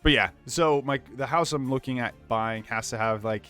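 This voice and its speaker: A man's voice: mid-range voice, normal speed, fairly bright tone, clear, resonant tone, faint music behind. A young man giving rambling let's play commentary from a small home office, chatting to viewers and his dog. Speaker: gaming YouTuber.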